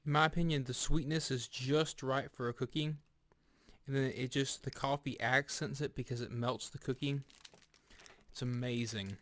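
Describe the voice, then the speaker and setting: A man giving a casual snack review, speaking deliberately and pausing often with fillers and restarts. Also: mid-range voice, steady tone, a bit bright. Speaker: food reviewer. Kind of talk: casual product review vlog.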